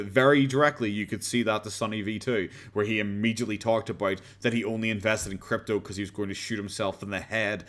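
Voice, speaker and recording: Irish male streamer, slightly low-pitched, profane and rambling, casual chat with viewers. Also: fairly bright tone. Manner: rambling, blunt and profane, with frequent restarts and laughs. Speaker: livestream host.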